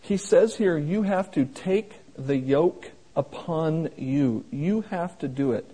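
A man preaching a sermon in a folksy, plain-spoken way, slowing down to stress each scripture quote. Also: fairly high pitch, mellow, husky, poor audio. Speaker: pastor.

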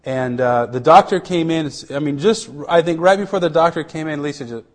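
A middle-aged missionary tells of his own experience in a voice on the high side. His sincere, faltering testimony has many restarts and sinks to a hush in its tender moments.

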